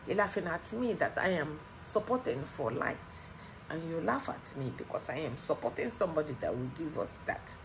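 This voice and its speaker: A woman's voice: fairly low pitch, fairly bright tone, slight background noise, low-quality recording. A Nigerian woman delivering an impassioned political rant as a vlogger, heated and emphatic, repeating her points.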